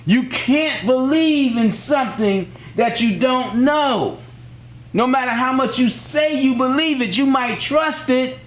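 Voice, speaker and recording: A man's voice: very high-pitched, takes it slowly. A man from the United States giving a spiritual teaching in an earnest, plainspoken way, repeating key phrases and telling personal stories. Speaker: religious teacher.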